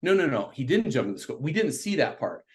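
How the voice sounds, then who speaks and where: A middle-aged man telling a story in casual conversation, animated and jumping up into high voices when he quotes people. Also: fast. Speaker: podcast guest.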